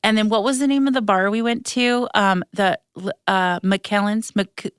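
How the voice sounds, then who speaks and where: A woman hosts a podcast in a relaxed, animated storytelling style, full of fillers and quick asides. Her voice is smooth and clear. The sound is dry and close. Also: medium pitch, no room sound. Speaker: podcast host. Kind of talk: casual chat.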